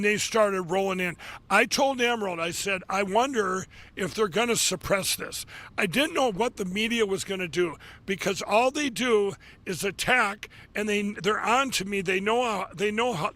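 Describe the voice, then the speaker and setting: A middle-aged man hosting a live show from his office, rambling casually with many fillers and restarts, getting excited as he talks. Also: sits high, moderate pace. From Minnesota. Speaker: show host. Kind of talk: casual live monologue with ad pitches.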